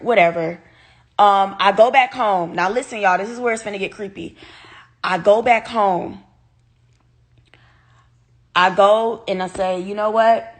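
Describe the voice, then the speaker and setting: A young woman speaking tells a personal story on a livestream. She talks straight to her viewers in a casual, animated way, swearing freely. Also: mid-range voice.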